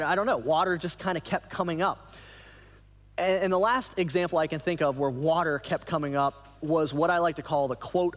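A man giving a sermon to a church audience, telling stories in an animated way with frequent restarts. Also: fairly high pitch. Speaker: church speaker. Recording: reverberant hall.

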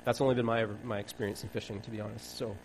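A man's voice: lowish voice, fairly even intonation, very fast, noisy background. A man preaching a sermon in a wry, conversational way, acting out bits of dialogue.

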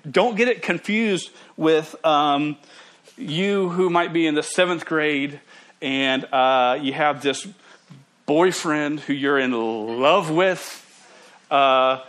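A young man preaches to students in a lively, playful way. His voice sits a bit high for a man. He jokes often and stumbles over his words as he goes. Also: slow pace. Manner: animated, joking, with frequent restarts. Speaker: student ministry pastor. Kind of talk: sermon.

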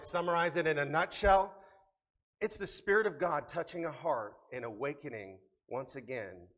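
A man's voice: fairly high pitch, a bit bright. A man preaching a sermon as pastor, conversational and earnest, rising to emphatic peaks.

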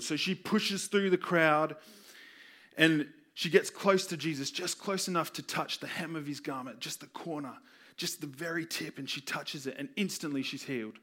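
A man's voice: on the high side, fairly even intonation, moderate pace, fairly bright tone. A man preaching a sermon, telling stories earnestly and acting out the people in them. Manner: earnest storytelling, acts out quoted voices.

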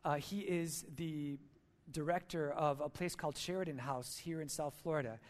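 A man's voice: a little high, steady tone, moderate pace. A man giving a sermon at church, telling stories in an earnest, heartfelt way. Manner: earnest, storytelling. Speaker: church speaker.

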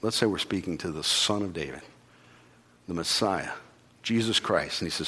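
Guy preaching a sermon, chatty, gets loud then goes real quiet. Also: low-pitched, normal speed, long pauses, slightly rough. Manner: conversational, swings from loud urgency to quiet intimacy.

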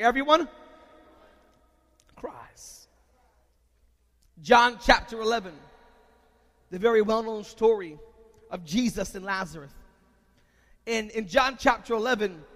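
Preacher, male, very high, bright and forceful voice, shouting then dropping low, long hall reverb. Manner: swings from shouting to hushed, calls on the congregation. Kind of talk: sermon.

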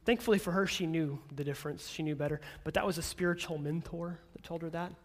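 Preaching in a notably high, light voice, this pastor in his thirties starts out gentle and earnest, then rises to firm, emphatic statements. His delivery is fast.

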